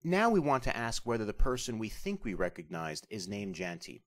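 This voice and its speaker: Man, language teacher, scripted narration, deliberate, slow spelling-out of sounds, expressive pitch. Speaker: language instructor.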